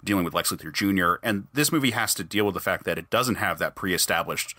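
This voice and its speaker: A man with a low, bright and forceful voice, talking casually on a podcast. He rambles with enthusiasm and keeps restarting his sentences. The sound is dry and close. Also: fast, no echo. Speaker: podcast host.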